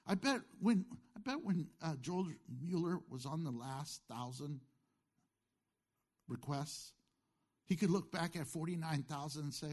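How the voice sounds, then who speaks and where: A man's voice: fairly high pitch, unhurried, a little mellow. A man preaching a sermon as pastor, firing questions at the congregation and answering them himself, with jokey asides.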